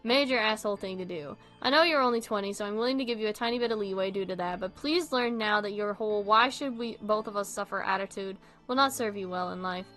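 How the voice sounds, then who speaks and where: Swearing, animated young woman host. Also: mid-range voice, fast, hardly any pauses, faint music behind. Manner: animated, swears freely, laughs often. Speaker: video host reading online posts. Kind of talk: casual commentary.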